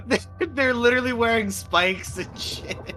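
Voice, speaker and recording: High, bright-voiced teasing man. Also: measured pace, soft background music. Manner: teasing, laughing, incredulous. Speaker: friend on stream. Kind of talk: casual chat.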